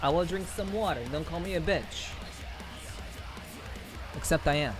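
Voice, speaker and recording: A man with a high, light voice talks loosely to his stream chat, cursing freely and circling back over the same words. Faint music plays softly behind him. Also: a little slow. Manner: profane, rambling, laughing, repeats himself. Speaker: livestreamer reading chat. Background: faint background music.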